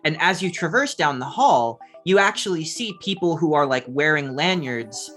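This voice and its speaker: A man's voice: a little high, lively intonation, normal speed, sharp tone, soft background music. A man narrating as game master of a tabletop game, describing scenes casually with lots of fillers.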